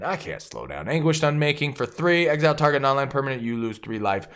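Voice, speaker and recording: Male host, card deck review, very animated pitch, energetic and jokey, rattles off card text fast. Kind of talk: enthusiastic casual deck review.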